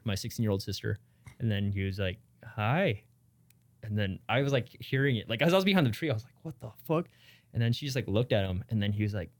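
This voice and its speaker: A man co-hosting a podcast, telling a story in a casual, animated way, acting out the quotes and swearing a lot. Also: lowish voice. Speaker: podcast co-host.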